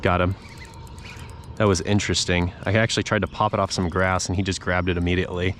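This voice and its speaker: A man's voice: deep voice, level tone, quick pace, fairly bright tone, a little hiss or hum. A man giving casual running commentary while fishing from a paddle board on a lake, chatting to the fish and his viewers. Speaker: fishing vlogger.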